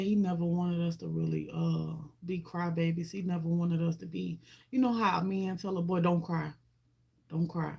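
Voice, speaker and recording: With vocal fry and a slightly mellow, medium-pitched voice, a woman hosts a casual livestream chat. The vlogger addresses viewers by name, sounding emotional and heartfelt, and repeats herself a lot.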